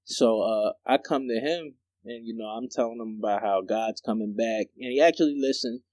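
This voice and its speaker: A young man co-hosting a podcast, telling stories in a slangy, animated way and laughing often. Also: medium pitch, moderate pace, dry recording. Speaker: podcast co-host. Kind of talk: casual chat.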